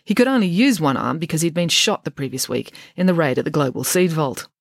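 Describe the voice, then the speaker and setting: A woman's voice: deep voice, expressive, brisk, no echo, studio quality. A woman reading her own children's novel aloud for a podcast, switching between voices for each character.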